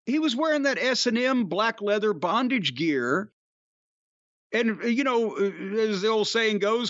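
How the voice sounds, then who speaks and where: High-voiced man telling rowdy stories. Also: measured pace, no room sound, dull audio. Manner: rambling, profane, animated storytelling. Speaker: former pro wrestler telling stories. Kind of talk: casual podcast chat.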